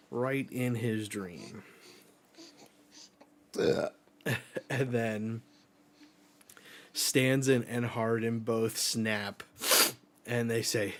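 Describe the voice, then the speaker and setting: A man hosting a live reading reaction, casually retelling a manga chapter panel by panel and reading the characters' lines aloud, with the odd swear. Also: medium pitch.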